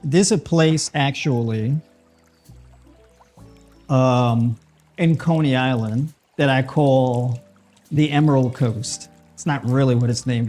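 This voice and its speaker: A man's voice: mid-range voice, mellow. A man with a New York accent, a nutritionist host, chatting casually while he cooks and adds lots of "right?" and "you know". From New York City. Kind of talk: casual cooking talk.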